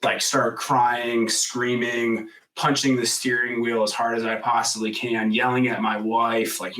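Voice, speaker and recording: A man in his thirties, a guest on a podcast, tells a story in loose, casual talk. He says "like" constantly, swears freely, and gets loud when he acts out what people said. His voice sits a little back from the microphone. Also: mid-range voice, a little slow, few pauses, far from the mic, low-quality recording. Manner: animated storyteller, acts out quoted voices loudly; frequent "like" fillers, swears casually.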